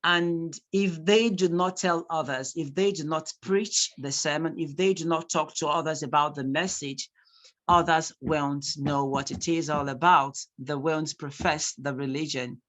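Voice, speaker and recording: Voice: mid-range voice, steady tone, measured pace, fairly bright tone. A speaking tutor with a Nigerian accent teaching a live online class, reading out replies from the chat and repeating key points for emphasis.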